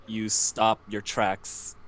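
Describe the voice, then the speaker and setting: Slow-talking male game master. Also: lowish voice, completely flat delivery, fairly bright tone. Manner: slow, hesitant narration with many ums. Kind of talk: narrating a tabletop game over voice chat.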